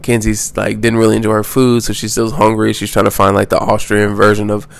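A young American travel vlogger tells a travel story casually, rambling, swearing freely, and restarting his sentences. His voice is low and flat with a gravelly edge, moving a little fast.

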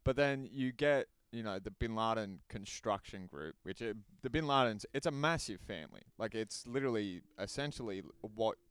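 A man chats loosely on a podcast, trailing off and restarting with plenty of fillers. His voice sits low and sounds smooth, recorded dry and close. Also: normal speed, few pauses, a bit bright, dry recording. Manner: rambling, lots of fillers. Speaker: podcast co-host. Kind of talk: casual podcast chat.

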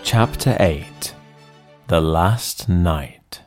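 A man narrating an audiobook in a measured, deliberate reading voice. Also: deep voice, lively intonation, soft background music. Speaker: audiobook reader. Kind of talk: scripted narration.

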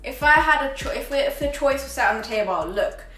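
A young woman co-hosting a podcast, talking in a quick, animated, opinionated way. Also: high-pitched, reverberant, faint music behind. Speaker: podcast co-host. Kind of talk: casual chat.

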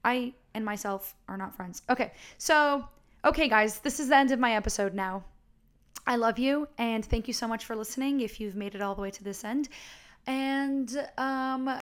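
A woman's voice: a little high, normal speed, clear, resonant tone. A young woman hosting her own podcast, talking casually and rambling with fillers and restarts. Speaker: podcast host. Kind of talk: casual solo podcast talk.

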